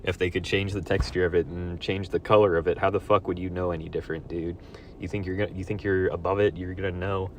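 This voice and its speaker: A man in a profane solo vlog rant, swinging between loud outbursts and low muttered asides. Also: level tone, brisk, slight background noise. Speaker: vlogger.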